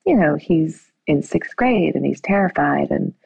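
Casting: middle-aged woman, low husky voice, chatty storyteller, dry close sound. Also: unhurried, no echo, highs cut off. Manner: animated retelling with quoted dialogue, fillers and restarts. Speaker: parent telling a story. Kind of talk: conversational storytelling.

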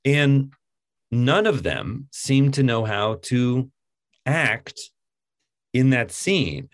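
A man's voice: mid-range voice, animated, drawn-out words. A man casually reviewing a film with a co-host, given to incredulous, exasperated outbursts.

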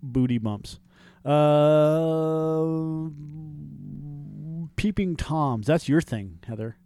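Male podcast co-host, average pitch, crude and laughing, reads posts with mock formality. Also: animated, a little slow, a little mellow, no room sound. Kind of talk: casual comedic chat, reading listener posts aloud.

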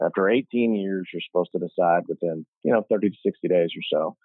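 A man's voice: deep voice, quick pace, husky, no echo. A man hosting an interview, stepping in emphatically to reframe his guest's story for listeners. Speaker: host. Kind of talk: conversational interview. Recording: tinny phone-like line.

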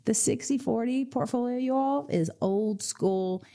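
A woman financial advisor hosting a radio finance show, telling lively client stories and acting out their reactions. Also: a little high, measured pace. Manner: energetic storyteller, acts out client voices.

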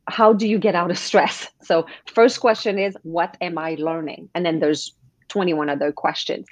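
A woman's voice: on the low side, dry recording. A woman coach being interviewed on a podcast. She speaks animatedly and acts out quoted voices. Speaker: guest coach.

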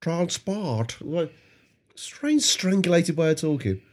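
A man's voice: medium pitch, very animated, moderate pace. A British man co-hosting a podcast, chatting casually and wryly while they watch an episode together. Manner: wry, chuckling commentary. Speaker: podcast co-host.

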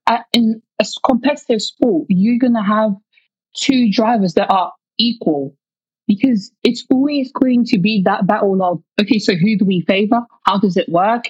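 A woman guest on a podcast jumps in eagerly to make her point. Her mid-pitched voice is a little husky, dry and close, on a slightly muffled lo-fi mic. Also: a little mellow, no echo. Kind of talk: casual podcast chat.

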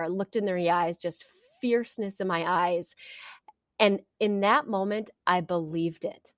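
A woman's voice: medium pitch, unhurried, dry recording, clean studio sound. A middle-aged woman guest in an interview, telling an earnest story with many fillers and restarts. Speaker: interview guest, sport psychology coach.

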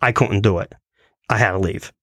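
A man with a fairly low voice tells a personal story in a relaxed, chatty way. He gets animated as he quotes what other people said. The sound is dry and close, with little room echo. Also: moderate pace. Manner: animated, quoting others in his retelling. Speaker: guest telling a personal story. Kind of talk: casual storytelling.

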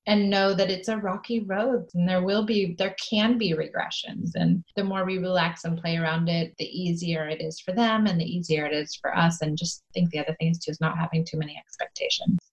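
A woman's voice: lowish voice, fairly even intonation, brisk, few pauses, dull audio. A middle-aged woman co-hosting a parenting podcast, talking in an earnest, encouraging way and now and then acting out playful scenes. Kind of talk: casual advice chat.

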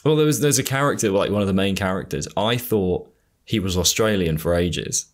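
Southern english guy, low-ish voice, rambly chat full of ums. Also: brisk. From England. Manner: rambling, hesitant, many fillers. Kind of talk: casual chat.

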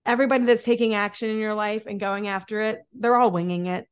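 A woman's voice: mid-range voice, steady tone, quick pace, clean tone. Upbeat woman hosting a motivational podcast. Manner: upbeat, encouraging, repeats words for emphasis. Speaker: podcast host. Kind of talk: motivational solo podcast talk.

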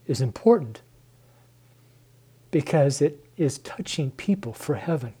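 Man, preacher, tearful, husky, mellow tone, slow and earnest. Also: on the high side, expressive. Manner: earnest, emotional, addresses listeners as friends. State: tearful, voice near crying. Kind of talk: devotional sermon to viewers.

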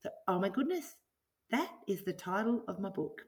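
A woman's voice: mid-range voice, expressive, moderate pace. A middle-aged woman speaking as an interview guest, earnest and enthusiastic, reflecting on her business and her life. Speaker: guest, business owner and author. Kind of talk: podcast interview.

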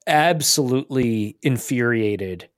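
A man's voice: medium pitch, expressive, slow pace, dry recording, clean studio sound. A man co-hosting a podcast, talking in an enthusiastic, casual way and often restarting his phrases. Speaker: podcast co-host. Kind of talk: casual chat.

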